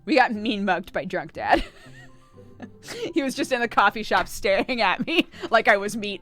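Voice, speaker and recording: A playful woman streamer who laughs easily as she talks through a game and reads its dialogue aloud. Her voice sits at an ordinary middle pitch for a woman, with a relaxed, chatty delivery. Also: unhurried, faint music behind. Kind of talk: casual live-stream commentary.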